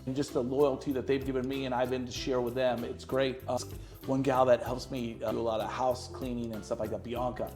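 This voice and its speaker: Middle-aged guy on a podcast, tells stories fast and lively, does the voices of people he quotes. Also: medium pitch, over music. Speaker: real estate agent, podcast guest. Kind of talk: animated storytelling in an interview.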